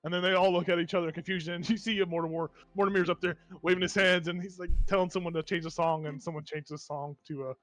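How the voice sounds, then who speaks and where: A man's voice: sits high, steady tone, fast talker, few pauses, fairly bright tone, dry recording, faint music behind. A man narrating as game master of a tabletop game, rambling with amusement and plenty of fillers.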